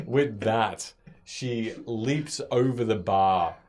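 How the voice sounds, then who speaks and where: A man with a fairly low voice runs a tabletop game as game master. He narrates the action haltingly, pausing on fillers and restarting his sentences. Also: darkish tone.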